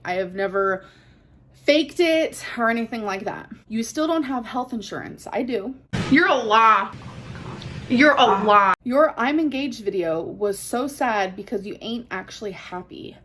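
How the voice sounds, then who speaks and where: A woman's voice: medium pitch, animated, normal speed. A woman vlogger chatting casually to the camera, answering things said about her in a candid, defensive way. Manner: candid, defensive, emotional at times.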